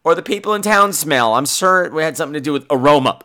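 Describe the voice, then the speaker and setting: A man hosting a podcast, casually reviewing a horror film, animated and jokey with casual swearing. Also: fairly high pitch, fast talker. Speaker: podcast host.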